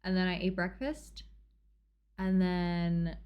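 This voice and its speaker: A woman's voice: lowish voice, completely flat delivery, slow pace, darkish tone, clean tone, highs cut off. A woman livestreaming from her home, chatting casually with her viewers in a bubbly, talkative way and laughing often. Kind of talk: casual chat with live viewers.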